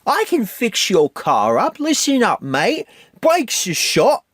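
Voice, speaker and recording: A man's voice: sits high, wildly swooping pitch, slow pace, fairly bright tone, husky, no room sound, studio quality, pitched above the performer's own voice, heavily acted. A man putting on an exaggerated British accent to play a cocky, boastful male race driver. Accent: put-on British. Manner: brash, exaggerated, overbearing.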